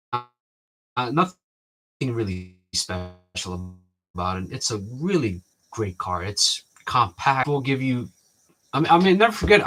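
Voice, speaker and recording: A man's voice: medium pitch, sharp tone. A man talking in a rambling, casual way to his viewers, often restarting sentences and acting out what people said to him. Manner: rambling, restarts often, acts out quoted exchanges. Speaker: vlogger.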